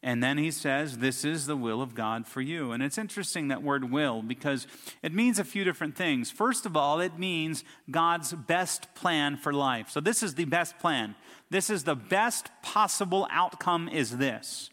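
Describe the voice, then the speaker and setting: With a fairly high, bright, forceful voice at a measured pace, a middle-aged pastor delivers a storytelling sermon, stacking emphatic lists and breaking into rising outbursts. The sound has a big-room quality.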